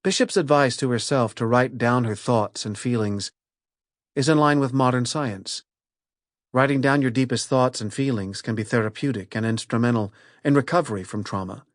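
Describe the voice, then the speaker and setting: Male narrator, middle pitch, steady and clear for nonfiction; dry booth, close mic. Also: no echo. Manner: measured, clear reading of lists and points. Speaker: audiobook narrator.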